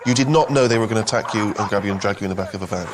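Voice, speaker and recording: A man quizzes his guest in a dry, mock-serious way. His voice is low, and he talks quickly. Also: heavy background noise. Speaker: interviewer. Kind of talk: dry TV interview questions.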